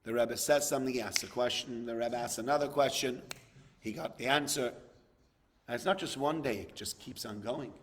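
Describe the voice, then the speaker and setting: A man's voice: medium pitch, normal speed, slight background noise. A man giving a sermon, telling a story and rising to impassioned emphasis. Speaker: rabbi giving a talk.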